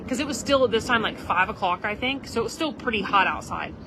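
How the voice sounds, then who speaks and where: A woman's voice: medium pitch, animated, fast talker. Lady in her 30s livestreaming from a campground, chatty and rambly, faint outdoor noise. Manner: rambling, chatty, frequent "like" and "literally". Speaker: livestream host. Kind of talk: casual storytelling to live viewers.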